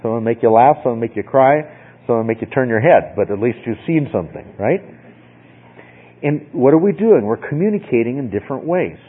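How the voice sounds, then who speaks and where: A man's voice: mid-range voice, expressive, a little fast, husky. A man teaching a Bible lesson in a conversational way, often checking in with "okay?". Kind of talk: sermon. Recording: tinny phone-like sound.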